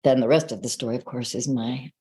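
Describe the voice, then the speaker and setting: An older woman, a guest author, telling her personal story in an interview in a lively way, acting out the voices of people she quotes. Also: rumbling low, quick pace.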